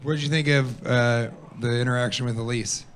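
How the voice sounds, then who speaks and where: A man doing stand-up comedy on a club stage, telling animated stories and putting on mocking high voices for the people he quotes. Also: fairly quick, crowd noise. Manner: animated storytelling, quoting his partner in a mocking high voice.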